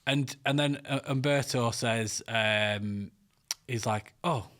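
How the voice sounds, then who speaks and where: A man's voice: medium pitch, slow, fairly bright tone. A man hosting a podcast, chatting loosely with many "like" and "you know" fillers. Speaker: podcast host. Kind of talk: casual interview chat.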